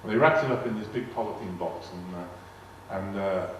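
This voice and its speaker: Speaking at a moderate pace in a lowish voice, an older man entertains a live crowd with rambling anecdotes, repeating words and performing the dialogue he quotes. He's a guest speaker in a large arts hall. The distant mic catches echo, faint noise, and laughter.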